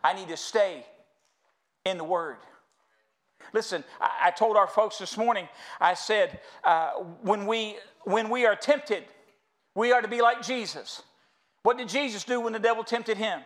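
High-voiced folksy American preacher man. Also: a little slow, a bit bright. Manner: folksy, storytelling, addresses congregation as y'all. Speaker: pastor. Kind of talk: sermon with humor. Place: church sanctuary.

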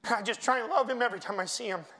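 A middle-aged male pastor preaching a sermon in a church, swinging from hushed asides to loud, chanted hymn lines. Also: high-pitched, racing.

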